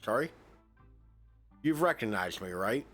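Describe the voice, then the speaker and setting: A man voicing a bitter middle-aged rural French farmer in a flat, plain reading voice. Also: lowish voice, a little slow, soft background music.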